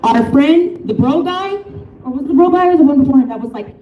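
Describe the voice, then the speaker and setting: A woman's voice: high voice, animated, brisk, muffled recording, slight background noise. A woman from Colorado giving a fiery, profane, off-the-cuff protest speech at an outdoor rally. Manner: fiery, profane, off-the-cuff, laughs between lines. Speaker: rally speaker. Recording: echoey, from a distance.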